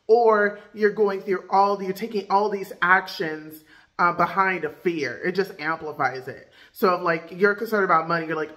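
A woman's voice: lowish voice, steady tone, normal speed, a bit bright. A woman life coach giving casual, chatty advice with lots of fillers. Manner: loose, filler-heavy, chatty.

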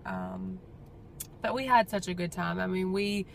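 A woman's voice: lowish voice, a little slow, gravelly, a little hiss or hum. A young woman, talking through a casual personal update vlog in a chatty, rambling, heartfelt way. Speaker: vlogger.

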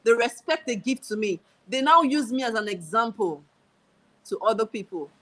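A woman's voice: a little high, expressive, moderate pace, pushed and bright, poor audio. A woman from Nigeria in her thirties, speaking as an interview guest in casual conversation, repeating her phrases for emphasis.

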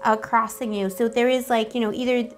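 Playful tarot-reading woman, slightly high voice. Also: fairly even intonation, fairly quick, faint music behind. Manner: playful, affectionate, rambling with pet names; giggly, self-teasing. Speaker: tarot reader. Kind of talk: casual tarot reading to camera.

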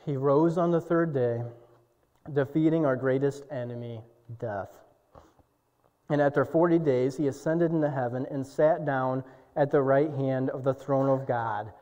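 A young man preaching a sermon, swinging from shouted climaxes to low, quiet passages. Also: measured pace. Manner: impassioned preaching, soaring to shouts and dropping low. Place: church sanctuary. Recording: dull recording with long church reverb.

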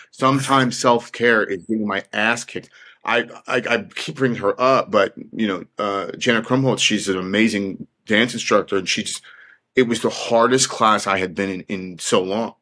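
A man's voice: on the low side, moderate pace, bright, forceful tone. A man who is an actor, talking earnestly in an interview and repeating phrases like a pep talk to himself. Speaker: actor, podcast guest.

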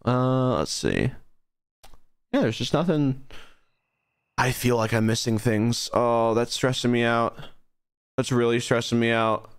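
A young man chatting casually while live-streaming a horror game, rambling and animated, with his voice jumping up high whenever he is startled. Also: measured pace, long pauses, smooth. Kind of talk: casual gaming livestream chat.

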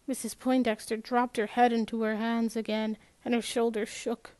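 A woman reading a first-person novel aloud in a measured way, with small restarts and slips. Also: fairly high pitch, little pitch movement, darkish tone, dry recording. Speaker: audiobook narrator.

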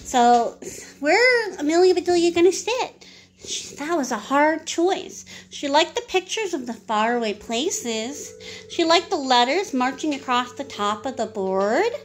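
A woman reads a picture book aloud for a young child, breaking off for chatty asides. Her voice is high and lively, and she takes her time. A faint room hum sits in the background. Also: measured pace, poor audio. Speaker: storybook reader.

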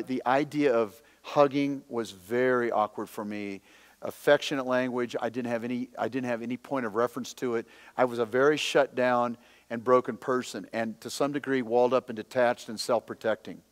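A man teaching in a preaching style, impassioned, swinging between loud emphasis and hushed, confessional storytelling. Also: medium pitch, long reverb tail. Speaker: instructor.

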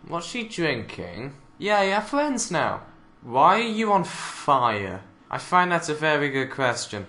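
A man's voice: on the high side, big pitch swings, slow pace, pushed and bright. A man giving sarcastic, mocking reaction commentary while watching a cartoon, swearing often. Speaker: reaction video maker.

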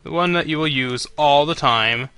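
A man's voice: on the high side, moderate pace, sharp tone, smooth, no echo. A man commentating on a video game he is playing, swearing constantly and griping sarcastically at the characters. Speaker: let's play commentator.

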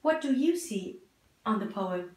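A woman's voice: mid-range voice, expressive, unhurried, darkish tone. A young woman teaching an English lesson to children over a video call, patient and encouraging. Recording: echoey room, faint noise.

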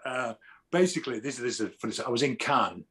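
Animated storytelling man. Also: medium pitch, quick pace. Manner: animated storyteller, acts out quoted exchanges. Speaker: actor guest. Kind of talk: casual interview chat.

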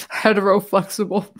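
A young woman chatting on her live stream, rambling frankly and swearing, talking while she eats. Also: mid-range voice. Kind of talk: casual live-stream chat.

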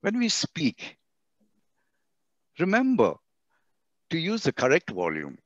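A man with an Indian English accent giving a webinar lecture on communication, swinging his voice high and low to show his points. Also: wildly swooping pitch, slow, dry recording. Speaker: guest speaker on communication. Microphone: computer mic on a video call. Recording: dry, dull webinar audio.

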